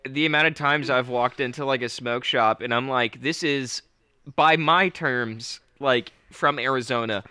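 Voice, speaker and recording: A young man co-hosting a casual podcast, blunt and joking, slipping into quick mocking voices. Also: medium pitch, sharp tone, smooth, no echo, studio quality. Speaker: podcast co-host. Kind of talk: casual chat.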